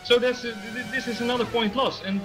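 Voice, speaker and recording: Guy doing race co-commentary, high voice, lots of uhs and restarts, music clearly under it. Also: steady tone, fast, poor audio. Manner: hesitant, many fillers and restarts, laughs easily. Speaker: sim racing co-commentator.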